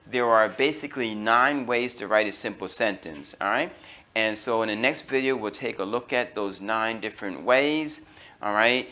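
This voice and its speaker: An American man teaching an English grammar lesson, slowing down on key terms and filling pauses with okay and all right. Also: medium pitch, sharp tone. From United States. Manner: slows down to stress key terms.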